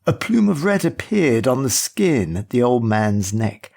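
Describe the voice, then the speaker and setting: A male audiobook narrator reads slowly and carefully, his low voice gravelly and husky. His pitch rises and falls freely as he tells the story. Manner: measured, expressive storytelling. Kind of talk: scripted narration.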